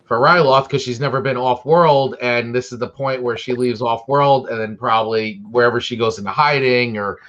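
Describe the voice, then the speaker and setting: Brief: male co-host, mid-pitched, eager fan talk, muffled lo-fi line. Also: moderate pace, few pauses, a bit bright. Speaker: podcast co-host. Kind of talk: casual chat about TV shows.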